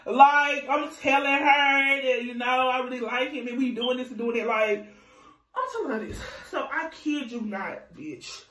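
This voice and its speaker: A young adult woman telling a casual storytime vlog, animated and profane, laughing often. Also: sits high, normal speed, far from the mic, a little hiss or hum. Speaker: vlogger. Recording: echoey room, voice off-mic.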